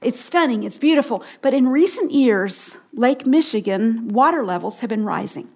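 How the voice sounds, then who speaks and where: A woman giving a radio Bible teaching as the host. She is earnest and emphatic, repeats key phrases, and sometimes drops to a soft hush for stress. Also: a little high, animated, normal speed.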